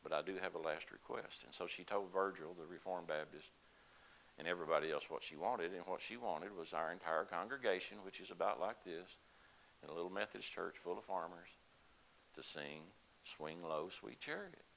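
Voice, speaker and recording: A man's voice: deep voice, normal speed, creaky, a bit bright, slight background noise, rough recording. An older man telling a personal story to a congregation in a folksy, conversational way. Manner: folksy, conversational, with laughs and asides. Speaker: lay speaker at a church service.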